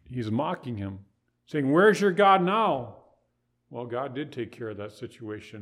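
Man preaching an emphatic sermon. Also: medium pitch. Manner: emphatic preaching with rhetorical questions. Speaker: pastor.

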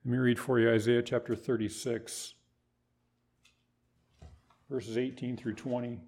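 A man preaches in an emphatic, pointed way. His voice sits at an ordinary middle pitch. He drives home each point with rhetorical questions. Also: level tone, unhurried, a little mellow. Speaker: pastor. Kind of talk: sermon.

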